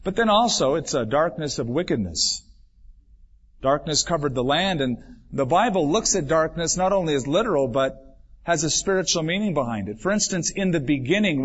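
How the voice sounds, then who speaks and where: A man's voice: fairly high pitch, lively intonation, normal speed, breathy edge. Dramatic preaching man on a dull tape. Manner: dramatic preaching, swells and drops for emphasis. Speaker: pastor. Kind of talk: sermon. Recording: dull lo-fi 1996 church recording.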